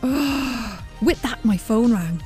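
A woman reading a children's story aloud in a friendly, expressive way and then running a quiz. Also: fairly high pitch, moderate pace, soft background music.

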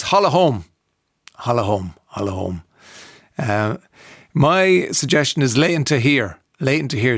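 A gravelly-voiced Irish man hosts a radio programme in a chatty, relaxed way, reading out listener messages and laughing easily. His voice sits in a middling range and is recorded close and dry in the studio. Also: mid-range voice, no echo. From Ireland. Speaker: radio show host. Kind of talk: casual radio chat.

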